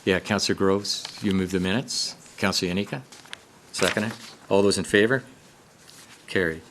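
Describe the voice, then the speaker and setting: A man chairing a regional council meeting, running through agenda items in an informal, halting way with many fillers. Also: deep voice, steady tone, noisy background. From Canada.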